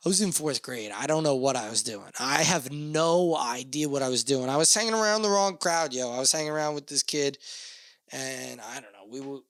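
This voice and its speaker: A man's voice: medium pitch, a bit bright, dry recording. A young man hosting a podcast, talking alone in a rambling, joking and profane way that often mocks himself. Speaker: podcast host. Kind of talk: casual podcast monologue.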